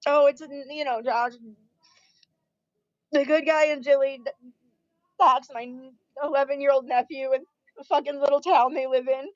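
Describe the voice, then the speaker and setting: A woman's voice: high-pitched, steady tone, normal speed, long pauses, no room sound. Crying, furious woman ranting on stream. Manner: furious, profane, repeating herself. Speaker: livestreamer. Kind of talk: angry livestream rant. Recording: dull lo-fi stream audio.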